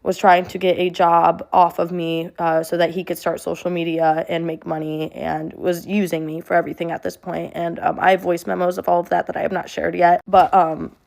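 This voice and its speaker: Young female creator, low and fry-heavy, deadpan monotone, halting personal storytelling. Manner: monotone, flat delivery; halting, with many fillers and restarts. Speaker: social media creator.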